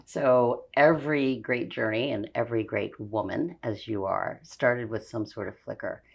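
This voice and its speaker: A woman's voice: a bass voice, fairly even intonation, unhurried, gravelly, slightly rough. A woman hosting a podcast interview, gushing and enthusiastic, with lots of filler words. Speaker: podcast host. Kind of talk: casual interview chat.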